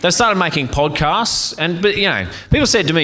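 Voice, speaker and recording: A man's voice: a little high, very animated, a little fast. A man doing a stand-up set, with a sardonic, dry delivery. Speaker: stand-up comedian. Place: comedy club stage before a live audience. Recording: live set with loud crowd noise.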